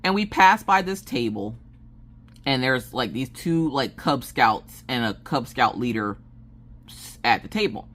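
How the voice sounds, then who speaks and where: A woman's voice: a bass voice, lively intonation, unhurried, vocal fry, fairly bright tone. A woman craft vlogger in a casual chat, telling a rambling story with many fillers and restarts.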